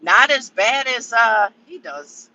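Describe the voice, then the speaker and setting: A man's voice: extremely high pitch, animated, takes it slowly, sharp tone, dry recording, dull audio. A man ranting casually and profanely on a livestream from a vehicle, answering chat members by name. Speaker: livestream commentator.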